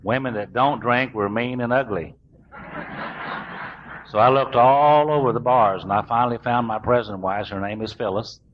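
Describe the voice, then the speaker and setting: A man's voice: mid-range voice, normal speed. A middle-aged man, telling his recovery story to a meeting in a folksy, self-mocking way. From US South. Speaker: recovering alcoholic speaker. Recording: dull lo-fi recording, faint room hiss.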